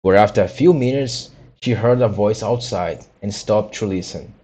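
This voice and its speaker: Low husky man reading a storybook. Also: dark tone. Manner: halting, frequent restarts and repeated words. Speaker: audiobook reader. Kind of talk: reading a children's book aloud.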